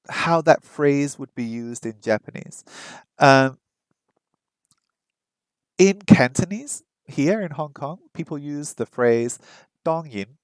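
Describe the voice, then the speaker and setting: A man thinking aloud in a casual vlog, wondering and unsure, slowly sounding out foreign phrases as he practices them. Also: on the high side, clear, resonant tone, no echo. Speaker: vlogger learning a language.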